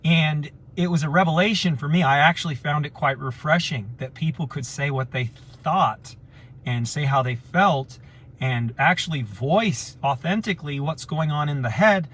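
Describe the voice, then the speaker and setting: A man's voice: a little high, moderate pace. A man talking casually to his community group, telling stories and acting out the voices of people he quotes. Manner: animated storyteller, acts out quoted voices. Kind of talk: casual storytelling talk.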